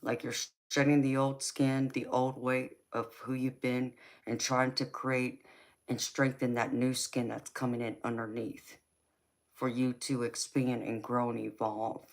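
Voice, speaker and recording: A woman's voice: extremely low pitch, little pitch movement, measured pace. A woman with a Southern US accent, a tarot reader chatting through a live reading, reassuring and loose, with lots of "you know". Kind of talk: live-stream tarot reading, answering chat.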